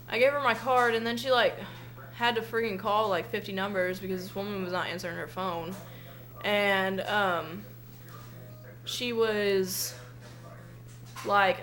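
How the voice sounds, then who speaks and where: A woman's voice: mid-range voice, fairly even intonation, unhurried, pauses often, a bit bright, poor audio. A young woman at home, casually ranting and rambling to a webcam with lots of fillers, swearing and dramatic asides. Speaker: vlogger. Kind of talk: casual ranting vlog to a friend.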